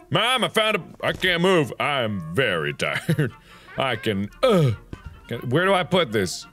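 A man hosting a gaming video, giving animated, jokey let's-play commentary that swings from squeaky to mumbled. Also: a little slow, faint music behind.

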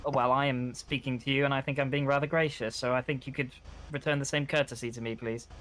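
A man's voice: medium pitch, flat delivery, fast, a bit bright, a little hiss or hum, natural voice. A man playing a prim, overly polite British police officer in a roleplay game. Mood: formal. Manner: polite, overly formal, dry.

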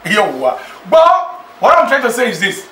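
An actor playing a boastful, newly rich man who sweet-talks several girlfriends on the phone, excited and laughing. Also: very high voice, moderate pace, reverberant, far from the mic, a little hiss or hum, full character voice, rough recording. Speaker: lead character in a film. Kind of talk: Nollywood film acting.

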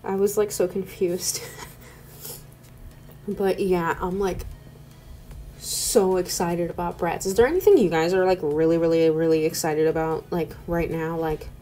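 In her twenties, this art YouTuber talks at a measured pace in a warm, lowish voice during a relaxed home voice-over. Faint music plays underneath while she rambles chattily, using "like" in nearly every sentence.

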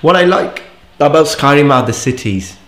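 A man's voice: a little high, lively intonation, normal speed, a bit bright, reverberant. A man chatting casually while playing a game, explaining things at length and laughing often. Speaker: co-player and commentator. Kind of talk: casual gaming chat.

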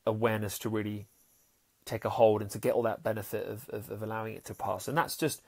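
A fast talker with a fairly low, flat and slightly mellow voice, this podcast host and happiness coach speaks in an earnest, casual monologue. He repeats words often and acts out voices in his anecdotes.

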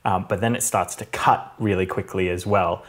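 A man co-hosting a podcast in casual chat, retelling scenes and acting out characters in lively put-on voices. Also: deep voice, moderate pace. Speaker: podcast co-host.

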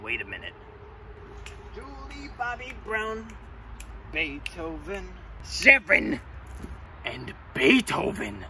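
A young man plays an unhinged teacher of scat singing in an improvised mockumentary, his raised voice swinging wildly up and down. He drawls slowly and bursts out erratically. The mic sits far off in a noisy space. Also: sits high, wildly swooping pitch, vocal fry, exaggerated voice. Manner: jumps between shouting and muttering, sings nonsense scat. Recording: distant mic with background noise.

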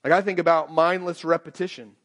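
A man's voice: a little high, fairly even intonation, a little fast, a bit bright. A man preaching a sermon in a conversational way, often repeating and restarting his words. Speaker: pastor. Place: church sanctuary. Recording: church hall with long reverb.

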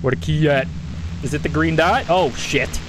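A man's voice: fairly high pitch, normal speed, background noise. A young man giving live commentary as he plays a game, jumpy and talking to himself with lots of swearing. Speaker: gaming streamer.

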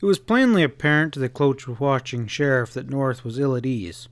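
A man narrating a Western novel as an audiobook in a measured, unhurried storytelling voice on a close mic. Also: medium pitch, no echo.

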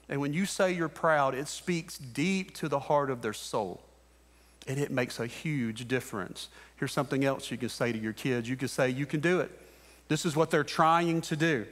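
A man's voice: on the high side, normal speed, long reverb tail. A man in his thirties preaching a sermon as pastor, earnest and exhorting, often repeating his phrases. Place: church sanctuary.

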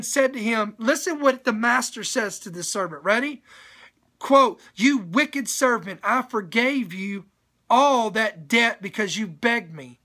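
A man's voice: very high voice, pushed and bright. A man preaching a sermon on a live stream, reading a scripture passage aloud and breaking off often to urge his listeners to stay and pay attention.

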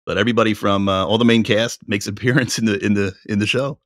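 A man co-hosting a casual podcast chat, animated and quick to laugh, sometimes reading aloud from notes. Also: lowish voice, dry recording, studio quality. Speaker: podcast co-host.

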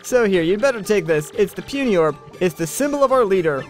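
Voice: medium pitch, animated, a little fast, faint music behind, lightly acted. Man voicing a grumpy old creature elder, female, bossy, scolding, folksy, read from a video game. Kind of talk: Let's Play dialogue reading.

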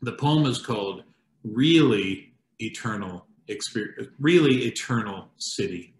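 A middle-aged man reading his own poems and chatting between them, in a slow, conversational way with hesitations and asides. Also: on the low side, animated. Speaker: poet and painter. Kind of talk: poetry reading with chat. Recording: echoey room.

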